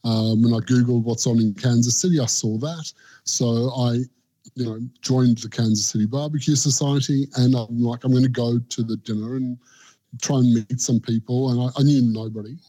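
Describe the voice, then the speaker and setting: A man's voice: medium pitch, steady tone, normal speed, mellow. A middle-aged Australian man, a barbecue pitmaster being interviewed, telling long anecdotes in casual chat and acting out what people said to him. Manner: rambling anecdotes, acts out quoted voices.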